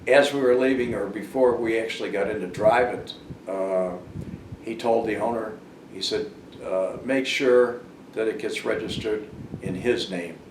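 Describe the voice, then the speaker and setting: A man's voice: fairly low pitch, unhurried. An older man telling a rambling personal story in a casual monologue, full of fillers and restarts. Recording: roomy and noisy, far from the mic.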